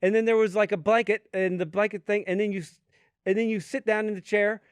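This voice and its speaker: A man's voice: sits high, quick pace, clear, resonant tone, no room sound. A man co-hosting a podcast, telling a profane comedic story in a casual chat and acting out the people in it. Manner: animated, profane, acts out the people in his story. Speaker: podcast co-host. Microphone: studio podcast mic.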